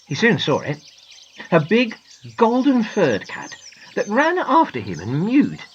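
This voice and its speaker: A woman narrating a children's storybook in a gentle, expressive manner. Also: mid-range voice, unhurried, lo-fi sound, a little hiss or hum.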